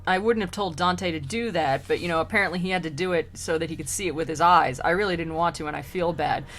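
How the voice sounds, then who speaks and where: A woman's voice: lowish voice, fast, fairly bright tone. Woman playing a breezy, smug ancient poet-guide. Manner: slangy, casual, offhand apologies.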